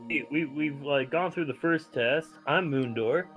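A man's voice: fairly high pitch, unhurried, over loud music, poor audio. A young man playing a tabletop game, talking in a loose, joking stoner-dude way full of "man" and "yo". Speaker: player. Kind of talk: casual in-character chat.

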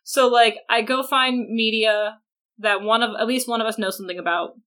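Animated, swearing young woman podcaster. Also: a little high, moderate pace. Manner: animated, profane, jokey. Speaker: podcast co-host. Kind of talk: casual podcast chat.

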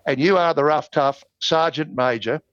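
An older Australian man as an interview guest, genial and measured, pausing to think. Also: a little high, fairly bright tone, no echo, dull audio. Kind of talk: casual interview chat.

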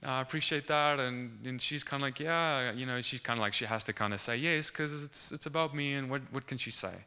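A young man recounts a faith testimony in a very bright, crisp, clear voice. He tells it earnestly and acts out the dialogue, restarting his sentences as he goes. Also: medium pitch, brisk. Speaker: student sharing a faith testimony. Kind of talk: animated testimony storytelling.

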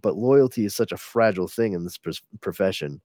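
A man's voice: fairly low pitch, fairly quick, hardly any pauses, dry recording, studio quality. A man casually recapping a comic book with a co-host, laughing often and acting out the characters' lines. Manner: laughing, animated retelling with acted-out quotes.

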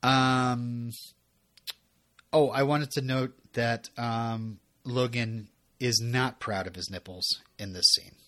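A podcast co-host in his thirties recaps episodes in casual, rambling chat, often cutting himself off and chuckling. His voice is medium-pitched, steady and fairly bright, and he talks slowly.

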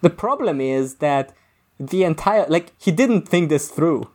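A speaker on a casual podcast works through an argument out loud. The delivery is halting, full of restarts and fillers. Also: medium pitch, lively intonation. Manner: rambling, self-correcting, thinks aloud. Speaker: podcast co-host. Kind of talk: casual book discussion.

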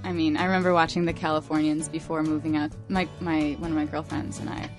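A woman guest musician in casual chat, talkative and quick to laugh. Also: deep voice, level tone, soft background music. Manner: laughs easily, chatty and playful.

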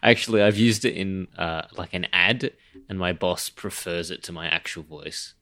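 A man's voice: sits low, normal speed, pushed and bright. A man in a casual podcast chat, easygoing and self-deprecating, chuckling as he talks. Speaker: podcast guest, radio worker.

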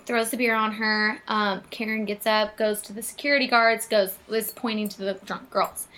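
A young woman co-hosting a podcast, telling a story in casual chat, animated and swearing freely. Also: mid-range voice, moderate pace. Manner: animated, swearing, acts out quotes. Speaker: podcast co-host.

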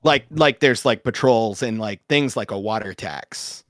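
A man's voice: lowish voice, unhurried, no echo, clean studio sound. A man in a casual tabletop game chat, thinking aloud in a loose way and often breaking into laughs between ideas. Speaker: co-host and game runner.

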